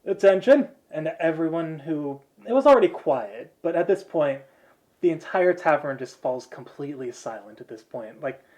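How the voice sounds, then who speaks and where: A man's voice: fairly high pitch, expressive, normal speed, darkish tone. A man narrating a tabletop game as game master, casual and full of fillers.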